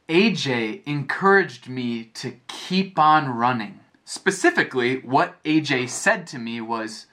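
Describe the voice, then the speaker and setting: An American man teaching a lesson as a story, speaking clearly and repeating phrases to explain them. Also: medium pitch, lively intonation, takes it slowly, few pauses, pushed and bright. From United States. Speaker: English teacher. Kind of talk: slow storytelling lesson for learners.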